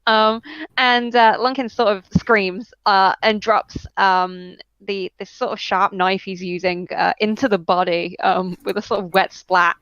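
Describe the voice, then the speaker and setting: A woman narrating as game master of a tabletop game, laughing often and filling pauses with ums. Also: medium pitch, steady tone, a bit bright, clean tone, no echo, dull audio. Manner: laughs often, many fillers.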